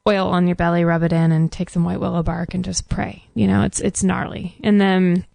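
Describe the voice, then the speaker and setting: Frank, gravelly-voiced pregnant woman. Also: fairly low pitch, little pitch movement, fairly quick, warm tone, no echo. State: short of breath. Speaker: podcast co-host. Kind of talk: casual chat.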